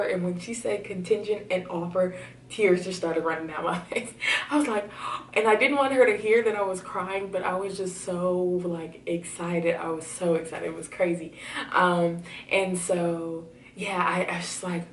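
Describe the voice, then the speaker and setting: A young woman telling a personal story to her camera at home, chatty with many fillers and excitement. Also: on the low side, fairly quick, a little hiss or hum. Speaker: vlogger. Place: home room. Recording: roomy, slightly distant camera audio.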